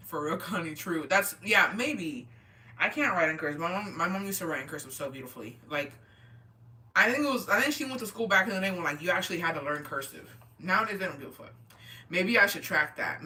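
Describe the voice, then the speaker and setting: Woman streamer, profane and animated, tense bright voice sitting back from the mic. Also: fairly low pitch, far from the mic. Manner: profane, animated, reacting to chat. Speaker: streamer reading chat. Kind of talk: casual storytelling chat.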